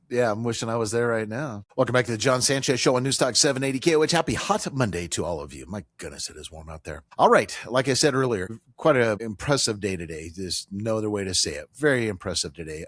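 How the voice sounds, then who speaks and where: Male radio host, lively up-and-down delivery, emphatic, repeats key points, dry close sound. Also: mid-range voice, brisk, no room sound. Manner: casual banter with a colleague. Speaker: radio talk show host. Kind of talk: financial talk radio.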